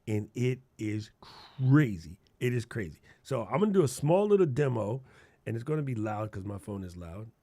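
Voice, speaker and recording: A middle-aged man co-hosting a podcast in casual chat, animated and playful, full of slang and mouth-made sound effects. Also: medium pitch, no room sound. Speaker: podcast co-host.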